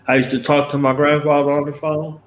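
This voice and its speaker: A man's voice: a little high, level tone, a little fast. A middle-aged man hosting a casual late-night chat, telling stories in a laid-back, profane way with frequent laughter. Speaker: host. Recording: roomy echo.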